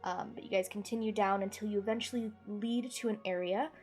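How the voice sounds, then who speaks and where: A woman runs a tabletop game, describing scenes in a relaxed, wandering way. Her voice sits at an ordinary middle pitch. Faint music plays underneath. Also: brisk. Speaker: game master.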